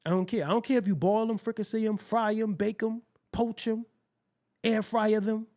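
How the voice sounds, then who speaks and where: A man hosting his own show, telling a rambling, profane story in a casual, animated way. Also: high voice, normal speed. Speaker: host.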